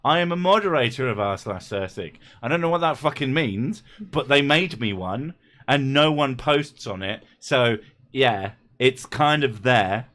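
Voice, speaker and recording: A man's voice: medium pitch, lively intonation, a bit bright. A man hosting a casual comedic livestream, cracking jokes and swearing freely. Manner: joking, swears freely, quick asides. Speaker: streamer host.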